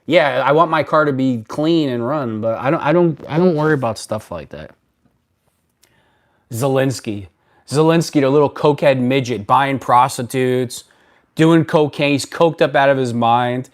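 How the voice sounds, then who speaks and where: On a casual live stream, a male host fields viewer comments in a blunt, meandering way, often breaking off to restart what he's saying. His voice is medium-pitched and moderately paced.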